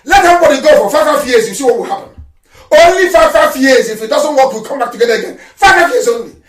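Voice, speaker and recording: Man, fiery radio address, shouting and scolding, high voice, echoey, far from the mic. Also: expressive, quick pace. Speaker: political activist broadcaster.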